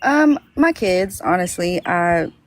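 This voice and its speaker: A woman's voice: lowish voice, expressive, slow. A young woman talking casually on a podcast, hesitant, with many fillers and restarts. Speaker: podcast guest. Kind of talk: casual conversation.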